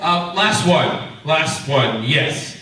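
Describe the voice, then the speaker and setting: Animated man, echoey convention hall. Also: on the high side, very slow, recorded from a distance, crowd noise. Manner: animated storyteller, laughing often. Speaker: convention panel guest. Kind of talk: casual Q&A banter.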